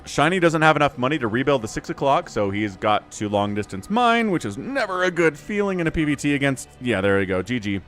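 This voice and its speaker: Lively, excitable male game caster. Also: mid-range voice, brisk, few pauses, faint music behind. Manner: excitable, chatty, laughs often. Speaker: esports caster and streamer. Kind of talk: live game commentary with chat interaction.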